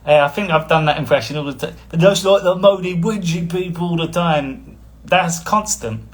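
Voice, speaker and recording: A man's voice: a little high, moderate pace. Rambling man on a live stream. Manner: rambling, chuckles often, blunt. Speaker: spiritual coach hosting a live stream. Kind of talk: casual livestream talk.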